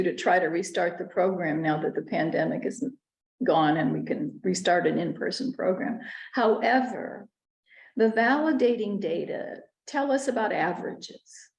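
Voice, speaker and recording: A woman's voice: fairly low pitch, vocal fry, darkish tone, echoey room, low-quality recording. A woman giving a talk, telling a personal story in an earnest way with small restarts. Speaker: conference speaker. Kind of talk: storytelling lecture.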